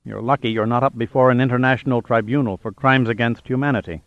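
A man's voice: medium pitch, fairly even intonation, quick pace, dry recording, phone-quality sound, lightly acted. A man voicing a blunt, frank American intelligence chief. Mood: stern. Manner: curt, frank.

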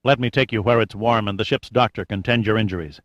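A man voicing a calm, good-humored male rescuer who talks soothingly and cracks easy jokes. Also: lowish voice, fast talker, dry recording, lo-fi sound, close to an everyday voice. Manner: soothing, joking, easygoing.

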